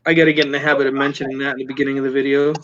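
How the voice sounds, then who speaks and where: A man hosting a casual livestream chat, telling stories in an animated way and laughing often. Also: medium pitch, racing, highs cut off, slight background noise. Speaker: livestream host.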